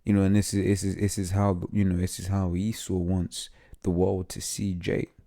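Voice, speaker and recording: A man with a very low, gravelly voice teaches scripture in a loose, unscripted way. His tone is dark and mellow, and he often stalls on fillers and restarts as he reads passages aloud. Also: flat delivery. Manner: halting, full of fillers and restarts. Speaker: religious teacher.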